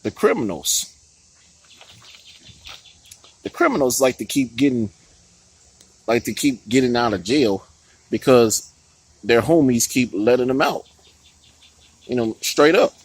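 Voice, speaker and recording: Profane, ranting man with a lively voice. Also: medium pitch, unhurried, pauses often, breathy edge, rough recording. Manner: profane, heated, with frequent laughs and restarts. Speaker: political commentary vlogger. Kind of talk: ranting political commentary.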